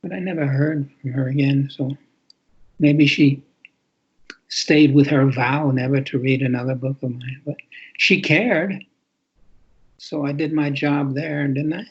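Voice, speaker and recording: A man's voice: medium pitch, fairly even intonation, measured pace, pauses often, husky. An older man, an author and interview guest, talking casually and expressively, stressing words as if reading aloud, over muffled lo-fi audio.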